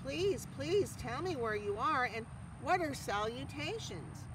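A reader doing an excitable young pig, high and eager. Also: unhurried, distant mic, background noise. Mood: excited. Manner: eager, pleading, loud.

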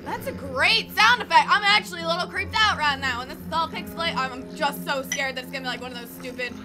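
A woman giving casual, excitable gameplay commentary, easily spooked and talking back to the game. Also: high-pitched, fast talker. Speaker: let's play gamer. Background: game music.

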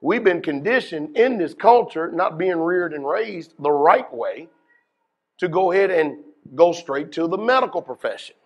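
A man preaching a sermon as pastor, putting questions to his congregation and moving between hushed asides and loud, emphatic bursts. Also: a little high, lively intonation, normal speed, lo-fi sound. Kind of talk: deliverance workshop sermon.

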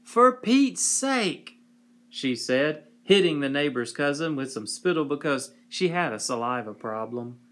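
A man reading a whimsical children's story aloud with a slow, wry delivery, sometimes clearing his throat. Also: medium pitch, a bit bright.

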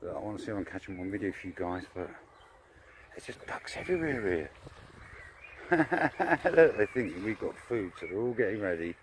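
A man chatting to his dog on a park walk, filming on a phone outdoors, talking casually and breaking into excitable bursts. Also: fairly low pitch, normal speed. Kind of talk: casual vlog narration. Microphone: phone camera mic. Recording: noisy outdoor phone recording. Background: birds and ducks, outdoor ambience.

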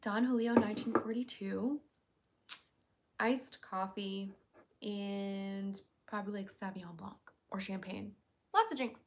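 A woman's voice: medium pitch, a little slow, noisy background. A young woman hosting a casual livestream, chatty and upbeat, reading viewers' questions aloud and answering them. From United States.

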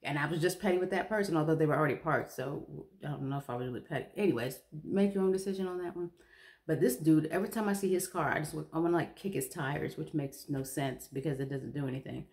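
A woman's voice: deep voice, quick pace, a little mellow. A young woman vlogger chatting casually to the camera, chatty and self-mocking, laughing often.

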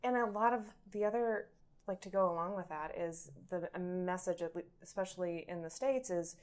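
A woman hosting a podcast interview, talking in a relaxed way and giving many listening hums. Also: fairly low pitch, moderate pace.

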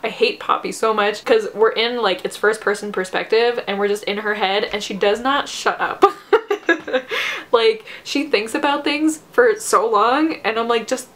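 A young woman, chatting casually about her reading in a rambling way with many fillers and frequent laughs, sounding tired and low on energy. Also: normal speed, a bit bright. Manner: laughs often. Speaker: book vlogger. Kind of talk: casual chat.

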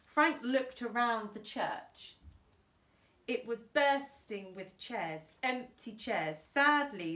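A woman teacher from England reads a storybook aloud. Her delivery is slow and very animated. The room is echoey. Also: medium pitch, recorded from a distance. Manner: expressive, unhurried. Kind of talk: storybook reading.

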